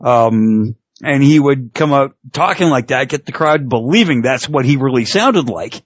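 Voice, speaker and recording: Speaking in a mid-range voice at a moderate pace, a middle-aged man tells animated stories, laughs a lot and curses freely in casual conversation. The sound is dry, dull and lo-fi.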